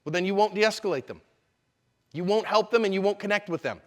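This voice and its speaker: A man teaching a live seminar, energetic and conversational, with quick asides to the audience. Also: high-pitched, in a large hall. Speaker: self-defense instructor. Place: convention hall seminar room.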